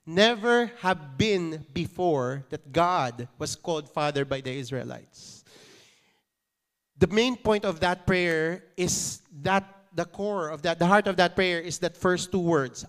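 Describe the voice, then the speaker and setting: Filipino-accented male pastor, conversational sermon, clean smooth voice. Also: sits high, animated, a little slow, a bit bright. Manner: conversational, mixing in playful asides and chuckles.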